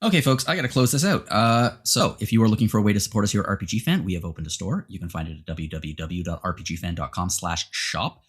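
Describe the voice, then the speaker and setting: A man hosting a podcast, chatting casually and giving rambling, animated opinions. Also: deep voice, quick pace, hardly any pauses, slightly rough. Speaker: podcast host. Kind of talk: casual chat.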